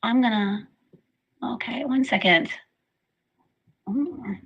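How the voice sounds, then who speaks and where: A woman's voice: a little high, slow pace, slightly rough, muffled recording. A woman hosting a casual livestream, rambling and apologetic, her talk full of fillers. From Canada. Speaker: livestream host.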